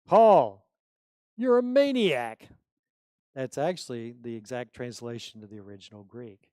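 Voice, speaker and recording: A man voicing an exasperated Roman governor who shouts in disbelief and scorn. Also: medium pitch, a little fast, no echo, lightly acted. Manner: loud, incredulous outbursts.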